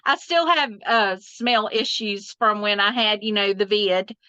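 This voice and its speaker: A woman's voice: mid-range voice, animated, a little slow, bright, forceful tone, clear, resonant tone, no echo, muffled recording. A middle-aged woman, chatting as a guest on an interview podcast. She laughs often and trails off into restarts. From Southern United States. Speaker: guest quilter. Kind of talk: casual interview chat.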